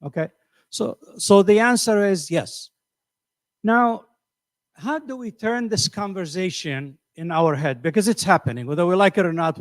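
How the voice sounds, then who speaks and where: Middle-aged guy teaching a class, kinda high voice, dry close sound, keeps quizzing the room. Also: dry recording. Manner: questioning, repeats words while thinking. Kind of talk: classroom lecture.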